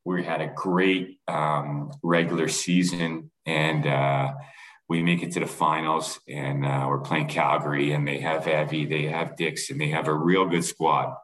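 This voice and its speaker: A middle-aged man from Canada, a former athlete, telling a rambling, animated story on a podcast. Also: extremely low pitch, a little slow, low-quality recording. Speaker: former pro lacrosse player, guest.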